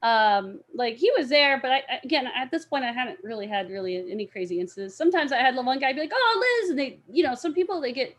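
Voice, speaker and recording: A woman's voice: high-pitched, fast talker, few pauses. A young woman, a cosplayer guest on a podcast, telling a story in casual chat and acting out the voices of the people in it. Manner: animated, acts out voices in stories.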